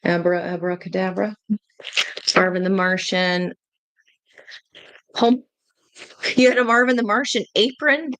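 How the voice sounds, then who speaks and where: A woman giving a casual tarot reading to her viewers, chatty and excitable, breaking into gushing exclamations. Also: mid-range voice, unhurried, pauses often. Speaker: tarot reader.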